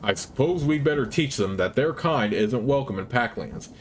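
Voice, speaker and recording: A steady veteran swordmaster, calm and commanding in a fantasy game, voiced by a man reading his lines. The delivery is measured and even, in a middle-pitched male voice. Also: a little hiss or hum, lightly acted.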